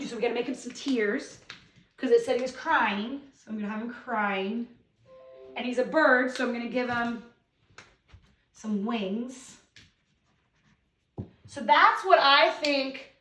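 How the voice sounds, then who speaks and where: A woman teacher giving an online lesson to young children, reading a poem aloud with slow, expressive emphasis. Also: a little high, reverberant, recorded from a distance.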